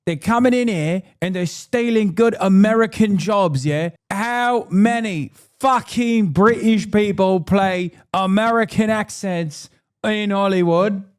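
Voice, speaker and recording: A man's voice: on the high side, animated, normal speed, hardly any pauses, warm tone, natural voice. A man putting on a mock-angry British bloke who swears and ends his lines with "lad" and "yeah?". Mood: mock outrage.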